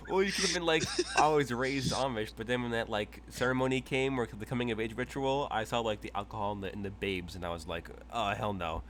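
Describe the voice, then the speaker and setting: A man's voice: medium pitch, animated, a little fast, a bit bright. A man hosting and running a tabletop game, joking and laughing often while he narrates his character. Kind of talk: casual tabletop game chat.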